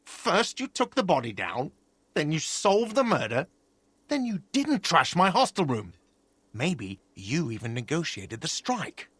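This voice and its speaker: Sarcastic cafeteria manager, lively pitch, dry recording. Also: male voice, unhurried, slightly rough, no room sound, exaggerated voice. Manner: sarcastic, passive-aggressive. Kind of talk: video game voice acting.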